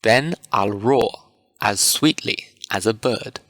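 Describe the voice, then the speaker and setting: A man's voice: fairly low pitch, slow, fairly bright tone, no echo, exaggerated voice. A man reading the part of a boastful, eager weaver who wants every role in the play, in a pompous, show-off manner, in a storybook reading. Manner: pompous, showing off.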